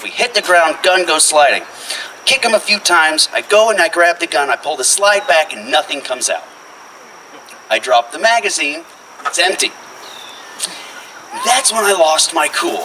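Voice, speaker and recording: A man telling a stand-up story at a house show, animated and jumping into loud quoted voices. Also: a little high. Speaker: stand-up comedian. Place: house living room show. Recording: distant mic, noisy room.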